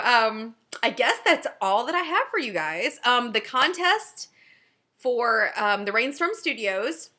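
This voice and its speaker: Woman, forties, Southern Louisiana accent, fast casual chat, bright voice, laughs a lot. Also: on the high side. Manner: fast-talking, laughs often. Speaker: knitting podcast host.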